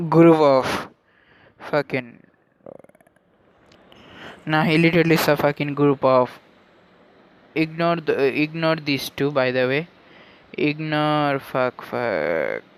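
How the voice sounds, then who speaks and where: A man's voice: a little high, a bit bright, clear, resonant tone, rough recording. Rambling man retelling a fan story. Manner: rambling, self-correcting, swears.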